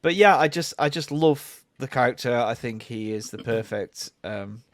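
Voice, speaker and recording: A man's voice: mid-range voice, lively intonation, moderate pace, dry recording. A man co-hosting a podcast in casual chat, enthusiastic and ending points with tag questions. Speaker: podcast co-host.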